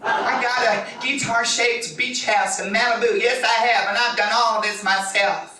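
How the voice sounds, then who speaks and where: A man's voice: high-pitched, fairly even intonation, a little slow. A man playing a boastful, greedy female country singer who demands more, in a brash comic monologue. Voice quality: loud, brassy and swearing. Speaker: comedy character. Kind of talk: satirical stage monologue. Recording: echoey room, distant mic, faint noise.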